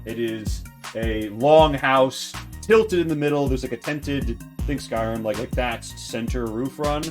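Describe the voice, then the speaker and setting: A man's voice: medium pitch, measured pace, music in the background. A man running a tabletop game as game master, rambling through descriptions with many fillers.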